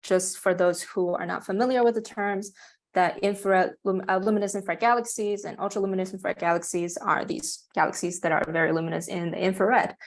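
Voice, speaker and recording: A woman giving an academic seminar talk over a video call, speaking with frequent hesitations and restarts. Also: lowish voice. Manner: hesitant, many fillers and restarts. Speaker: guest speaker, astronomer.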